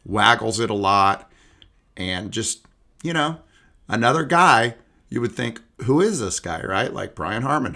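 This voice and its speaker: Casual male podcast host, young adult, low gravelly voice, rambling chatty delivery. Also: pushed and bright. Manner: loose, chatty, lots of fillers and asides. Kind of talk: casual golf podcast chat.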